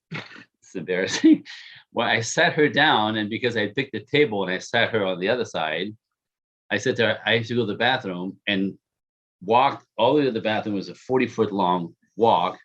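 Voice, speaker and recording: Husky man telling a story, laughing at himself. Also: fairly low pitch, normal speed, muffled recording. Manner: animated, self-mocking, laughs often. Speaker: guest telling his love story. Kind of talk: casual storytelling on a podcast.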